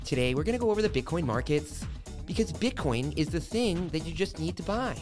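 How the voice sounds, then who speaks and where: Man doing an eager crypto host, quiet and hyped, faint music behind. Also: fairly high pitch, lively intonation, brisk, close to an everyday voice. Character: upbeat male crypto show host.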